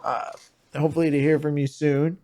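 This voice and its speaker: A man's voice: on the high side, level tone, fairly quick, a little mellow. A man hosting a podcast in casual chat, easygoing and laughing often. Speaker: podcast host.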